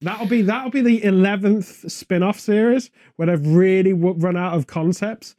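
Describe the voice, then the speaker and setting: A man co-hosting a comedy chat who rambles through absurd film ideas, animated and quick to get exasperated. His voice is fairly high for a man, with a dark, mellow tone. The sound is dry and close to the mic. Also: no echo. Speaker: podcast co-host.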